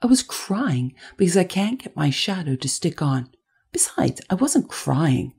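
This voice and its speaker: A woman's voice: on the low side, very animated, unhurried, gravelly, darkish tone, husky, heavily acted. A woman voicing a proud boastful boy who never grew up, speaking sharply and indignantly in an audiobook. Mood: defiant. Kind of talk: audiobook character voice.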